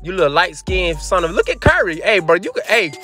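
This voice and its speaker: A young man commentates his basketball video game for his chat in a high, bright, sharp-edged voice. He trash-talks loudly and slips into a sing-song lilt. Faint game music runs underneath. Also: brisk. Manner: loud, animated trash talk to chat, sometimes sing-song. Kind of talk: hyped gameplay commentary.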